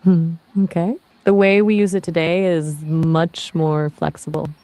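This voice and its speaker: A breezy female AI voice fields questions in easy chat, pitched a little low for a woman. She explains things casually and keeps the talk rolling. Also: level tone, unhurried, warm tone, no room sound. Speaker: AI conversation partner. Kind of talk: conversational Q&A answers.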